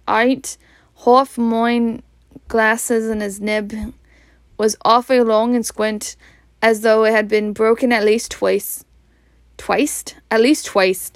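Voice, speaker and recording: Woman, storybook reader, slow and halting, stumbles and rereads, close dry sound. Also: a little high, no room sound. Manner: halting, stumbles and rereads words, laughs at slips. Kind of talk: reading a storybook aloud.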